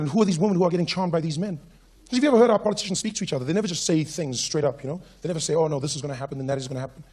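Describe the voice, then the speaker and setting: A young man with a South African accent doing stand-up comedy on stage, animated and slipping into mock-pompous voices. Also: high voice. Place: comedy stage before a live audience.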